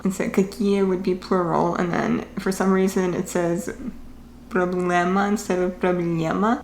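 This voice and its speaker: A young woman hosting a reaction video, chatting casually and thinking aloud with fillers as she comments on clips. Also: on the low side. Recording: echoey room with faint hum.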